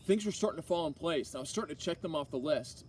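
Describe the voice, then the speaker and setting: A man's voice: fairly high pitch, animated, fast. Earnest young man telling his story. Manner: earnest, conversational, many filler likes and restarts. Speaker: speaker giving a personal testimony to a class. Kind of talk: casual testimony talk. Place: classroom or hall. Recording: distant mic with faint room noise.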